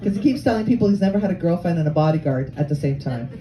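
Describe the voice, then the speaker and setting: A woman's voice: fairly low pitch, lively intonation, rapid-fire, mellow, faint music behind, poor audio. A woman in her forties from Lebanon and Canada, doing a brash, profane, self-mocking stand-up comedy set on a comedy club stage. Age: 40s. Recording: live club crowd laughing.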